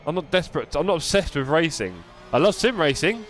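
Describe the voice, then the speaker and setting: A man's voice: fairly high pitch, very animated, brisk. Chatty male sim racing streamer. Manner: chatty, answers viewer chat by name, self-deprecating. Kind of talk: casual live-stream chat while racing.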